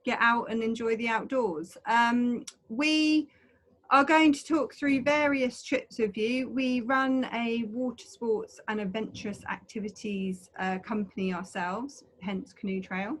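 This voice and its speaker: A woman's voice: on the high side, fairly even intonation, a little slow, fairly bright tone. A woman co-hosting an online adventure talk over a video call, chatty and rambling, with frequent fillers.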